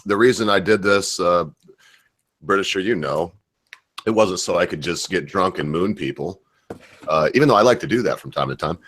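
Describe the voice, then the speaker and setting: A man's voice: low voice, normal speed, fairly bright tone, husky. A middle-aged man, hosting a casual online voice chat. He rambles, swears freely and talks with heavy sarcasm. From United States. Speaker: host. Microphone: computer mic in voice chat.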